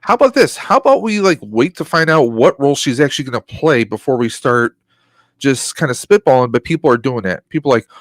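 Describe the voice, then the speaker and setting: Man, podcast co-host, opinionated and rambling, casual chat, dry close sound, mid-pitched voice. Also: lively intonation, brisk, no room sound.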